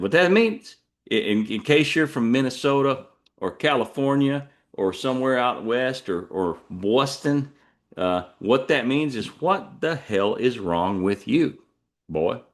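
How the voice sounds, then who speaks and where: A man's voice: medium pitch, expressive, moderate pace. A Texan man hosting a show, telling a rambling folksy story full of asides. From Texas. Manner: folksy, digressive, drawling asides. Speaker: podcast host.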